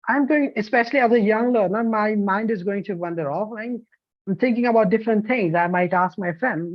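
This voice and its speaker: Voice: medium pitch, no echo. Emphatic Indian English teacher trainer. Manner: energetic, emphatic, checks in with listeners. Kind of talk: online training lecture. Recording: dull lo-fi, dry sound.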